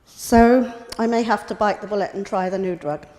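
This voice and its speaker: Brief: middle-aged woman reading a personal talk, mid-pitched, plain and steady, in a big echoing room. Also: normal speed. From United Kingdom. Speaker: carer giving a talk. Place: hospital lecture room. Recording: reverberant hall.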